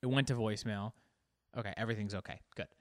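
A man's voice: on the low side, steady tone, fast, dry recording. Male solo podcast host, rambling and self-mocking, curses often, dry close sound. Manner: rambling, self-deprecating, swears freely. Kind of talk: casual solo podcast monologue.

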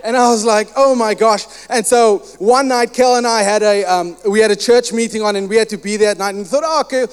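A man preaching a sermon, telling a personal story and acting out the dialogue in lively fashion. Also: sits high, fast talker, few pauses, smooth, big-room sound. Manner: animated storyteller who acts out quoted dialogue.

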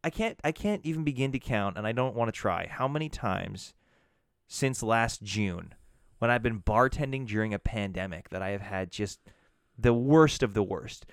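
A man, a bartender and podcast co-host, telling a profane, animated story with frequent restarts. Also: lowish voice, normal speed, smooth, dry recording, clean studio sound. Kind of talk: casual chat.

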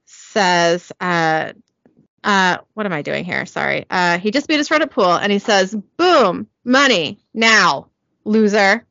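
A woman's voice: fairly low pitch, expressive, measured pace, vocal fry, fairly bright tone, no echo. A woman hosting a casual recap, chatty and self-correcting, often giggling. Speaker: podcast host recapping. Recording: dull lo-fi, dry.

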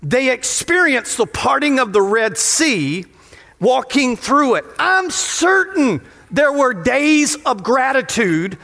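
A man pastor preaching a lively, playful sermon in a church sanctuary, often putting questions to the crowd. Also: very high voice, slow, creaky. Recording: long hall reverb of a sanctuary.

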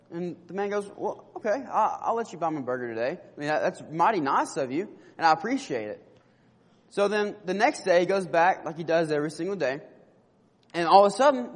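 A man's voice: high-pitched, long reverb tail. A young man preaching a sermon, telling a story and earnestly asking the listeners questions.

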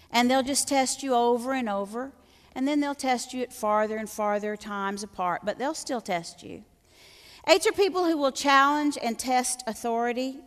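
Joking woman teaching in a hall. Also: fairly high pitch. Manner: folksy, joking, teasing. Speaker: workshop teacher. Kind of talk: live workshop talk.

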